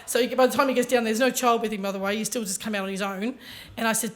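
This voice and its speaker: A woman telling a story in an animated, chatty way as a conference speaker. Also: fairly high pitch, quick pace, hardly any pauses. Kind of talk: storytelling keynote.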